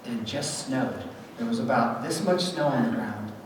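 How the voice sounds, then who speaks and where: A man giving a personal testimony at a church gathering, telling his story in an animated way and acting out voices. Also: medium pitch, normal speed, background noise. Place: church hall event. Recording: echoey hall recorded from far off.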